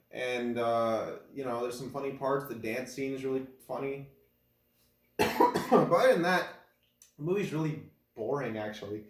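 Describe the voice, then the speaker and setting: A man in casual chat ranking films, rambling with many fillers and breaking into loud incredulous laughter. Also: mid-range voice. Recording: echoey room.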